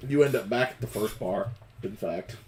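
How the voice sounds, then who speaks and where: A man narrating a tabletop game as game master, playful and quick to laugh. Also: lowish voice, gravelly, darkish tone, low-quality recording.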